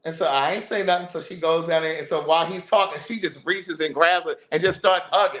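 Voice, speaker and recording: A man hosting a livestream, telling a family story in a casual, animated way, often repeating words. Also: on the high side, fairly quick, few pauses. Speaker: livestream host. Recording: roomy echo.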